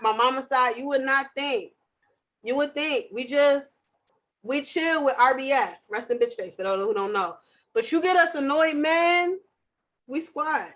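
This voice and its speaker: A woman hosting a podcast, talking in a loud, passionate way. Her voice sits a little high and sounds bright and forceful. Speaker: podcast host. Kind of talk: casual chat.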